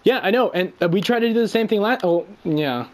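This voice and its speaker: A man's voice: high-pitched, lively intonation, a little fast. A young man angrily venting to a friend, swearing and rambling through a story. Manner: angry, profane, rambling storytelling. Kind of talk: casual rant on a call.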